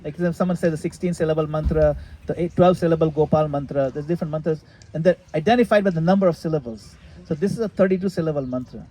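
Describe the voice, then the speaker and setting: A man leading a retreat session, explaining a practice in a relaxed, casual way and sometimes laughing at his own jokes. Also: fairly high pitch, quick pace, few pauses, poor audio. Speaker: retreat leader answering questions. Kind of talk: casual teaching in a group session. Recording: faint background noise.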